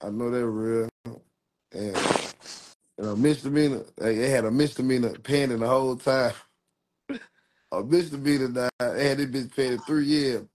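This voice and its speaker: A man in his twenties talks straight to his viewers in a casual livestream. He rambles, circles back and keeps leaning on street slang. His voice sits at an ordinary middle pitch. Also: fairly even intonation, moderate pace, long pauses, darkish tone. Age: 20s. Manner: rambling street slang, repeats "real talk". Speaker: rapper.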